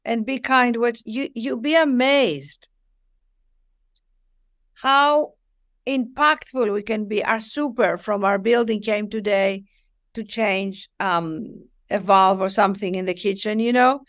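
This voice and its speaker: A woman's voice: mid-range voice, slow, fairly bright tone. A woman, a guest author talking about spirit, acting out little dialogues and lingering on key words. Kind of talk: warm spiritual interview talk.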